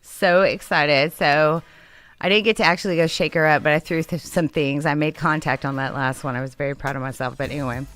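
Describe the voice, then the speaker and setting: A woman's voice: deep voice, steady tone, a little fast, a bit bright. A woman co-hosting a casual radio chat show, bubbly and rambling, laughing often. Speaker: radio co-host.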